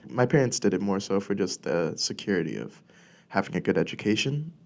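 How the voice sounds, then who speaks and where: A young man from California hosting a casual solo podcast, rambling with lots of fillers and restarts, a little congested and clearing his throat. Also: low voice, sing-song, brisk. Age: young adult. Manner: rambling, filler-heavy with many likes and restarts. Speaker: podcast host. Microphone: studio podcast mic.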